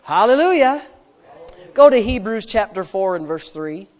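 A man pastor with a fairly high voice delivers a sermon. He preaches with animation, dropping to a hush and rising loud again, and slips in humorous asides from his own life. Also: measured pace. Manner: animated preaching with sudden swings between loud and hushed.

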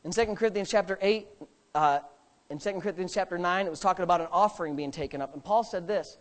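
Speaking fast with lively intonation, a male pastor preaches a sermon in a church sanctuary. He's emphatic, swinging from loud bursts to quiet, joking asides.

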